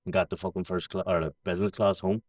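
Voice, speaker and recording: A man's voice: sits low, level tone, dry recording. A Northern Irish man co-hosting a podcast, joking and swearing in casual chat. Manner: mocking, swearing, quick to laugh. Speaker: podcast co-host.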